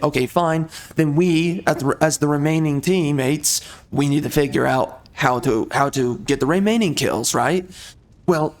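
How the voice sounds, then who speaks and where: Exasperated man ranting over gameplay. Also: on the high side. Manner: exasperated, rambling, frequent restarts and filler words. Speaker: gameplay commentator.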